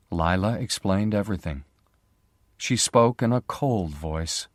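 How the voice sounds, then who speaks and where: A man narrates a graded reader story in a clear, measured voice. He speaks slowly, and his intonation rises and falls expressively. The sound is close and dry. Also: low-pitched, animated, no echo. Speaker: audiobook narrator.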